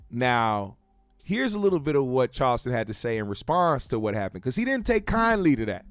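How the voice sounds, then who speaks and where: A man's voice: mid-range voice, sing-song, a little fast, no echo, soft background music. Laid-back man riffing, dry close sound. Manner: laid-back, profane, joking asides. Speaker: show host. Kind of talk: casual commentary.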